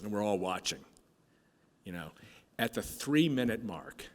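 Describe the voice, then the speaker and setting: A man giving a heartfelt speech at a conference, telling a story with halting restarts and fillers, his voice sometimes dropping soft with emotion. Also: lowish voice, animated. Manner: moved, voice dropping soft at times. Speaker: keynote speaker. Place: conference hall. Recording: hall reverb from a stage speech.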